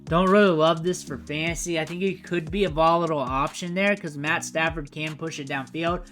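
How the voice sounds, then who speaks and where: A man's voice: fairly high pitch, fairly even intonation, brisk, a bit bright, faint music behind. A man giving a casual, opinionated fantasy football draft breakdown, repeating his points emphatically.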